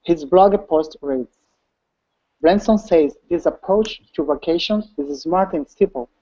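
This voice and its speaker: An English student reading a passage aloud slowly, stumbling and restarting on words. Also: mid-range voice, warm tone. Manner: slow halting reading with restarts. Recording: dull lo-fi call audio.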